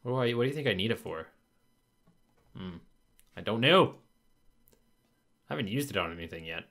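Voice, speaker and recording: A man narrates his own gameplay, frustrated and swearing as he mutters to himself. His pitch moves a lot, from low grumbles to sudden loud outbursts, and his tone is bright and forceful. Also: lively intonation, normal speed. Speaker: gaming video creator. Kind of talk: gameplay commentary.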